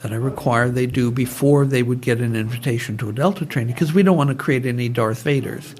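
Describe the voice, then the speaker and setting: A man's voice: medium pitch, a little fast, darkish tone. An older man, a neurofeedback researcher, telling stories in a conversation, restarting often and raising his voice to act out quoted speech. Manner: rambling with repeated restarts; acts out quoted speech with a raised voice. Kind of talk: storytelling in a conversation.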